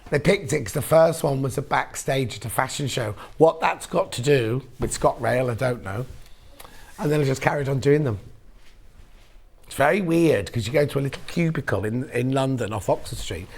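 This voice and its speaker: A man's voice: medium pitch, animated, normal speed, creaky. A man presenting fabrics on a shopping channel in casual on-air chat, reading viewer messages aloud. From United Kingdom.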